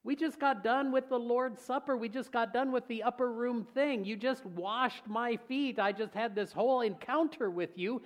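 A brash, eager apostle protests in a high, loud voice, insisting like a stubborn kid, as a preacher acts him out. The boasts come fast and bold. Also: male voice. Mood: bewildered.

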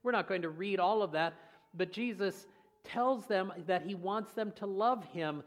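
A man preaching a sermon in a folksy, humorous, lively storytelling way. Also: high-pitched, unhurried. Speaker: pastor.

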